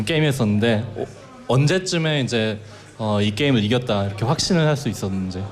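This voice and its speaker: A man's voice: mid-range voice, lively intonation, very fast, faint music behind. A man interpreting in an interview, hesitant with many fillers.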